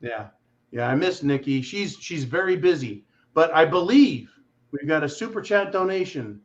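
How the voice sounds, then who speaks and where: A man hosting a casual livestream chat, joking loudly and swearing freely. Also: on the high side, expressive, normal speed, lo-fi sound. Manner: profane, joking, boisterous. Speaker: host.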